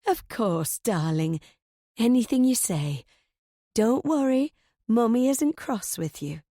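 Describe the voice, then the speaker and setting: A woman's voice: a little high, expressive, slow pace, mellow, dry recording, clean studio sound. A woman voicing an older landlady, speaking in a coaxing, motherly way. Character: older landlady, sweetly smiling, unsettling.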